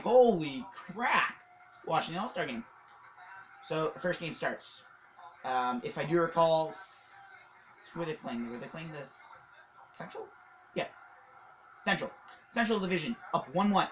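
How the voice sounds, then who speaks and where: A hockey vlogger from Canada giving a casual, excitable recap, rambling with lots of fillers and laughs. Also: mid-range voice, slight background noise, low-quality recording.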